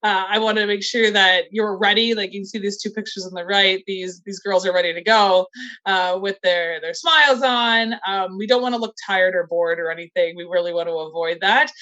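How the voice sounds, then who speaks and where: A woman's voice: mid-range voice, fairly bright tone, muffled recording. A woman leading a training session, enthusiastic and encouraging, chatty, with frequent "like" fillers. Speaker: college recruitment trainer. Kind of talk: upbeat training presentation. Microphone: video call.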